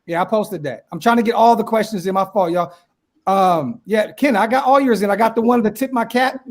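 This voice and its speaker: A man hosting a casual sports chat and reading viewer comments, talking in a relaxed, slangy way. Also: high voice, brisk. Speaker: host.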